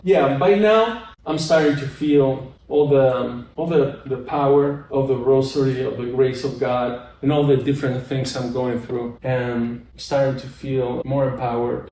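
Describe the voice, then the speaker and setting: A man's voice: medium pitch, roomy sound, recorded from a distance, slight background noise, low-quality recording. A man casually telling stories of his pilgrimage while showing photos, often laughing and acting out what people said. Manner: animated, laughing, acting out quotes. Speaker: pilgrim sharing his experience.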